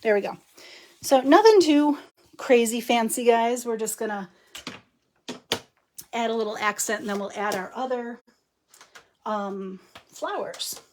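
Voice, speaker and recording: A woman's voice: fairly high pitch, unhurried, long pauses. A middle-aged woman giving a chatty live card-making demonstration, talking to viewers while she works and laughing often. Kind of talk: live stream craft demo.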